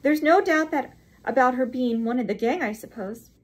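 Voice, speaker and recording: A woman reading aloud and voicing a distinguished male lawyer who talks gravely and dryly, in a measured, questioning manner. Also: high voice, expressive, voice pushed up.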